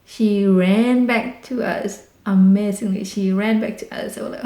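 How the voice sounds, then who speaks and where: A woman with tells a family story as a vlog, excited and animated, piling on dramatic exclamations. Her voice sounds warm and mellow. It echoes in a roomy space. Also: medium pitch, a little slow. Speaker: vlogger. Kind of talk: casual storytelling. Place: home in rural Texas.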